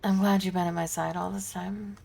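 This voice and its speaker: A tired, tender-hearted psychic companion, as a woman voices her in a put-on accent. Her delivery is wistful and emotional, with a slightly low voice. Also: flat delivery, brisk, gravelly, a little mellow. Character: weary, sentimental female psychic companion.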